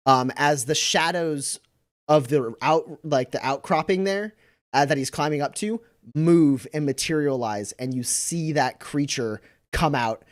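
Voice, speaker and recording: A man's voice: fairly high pitch, unhurried. A man narrating a tabletop role-playing game as game master, rambling through scenes with many fillers.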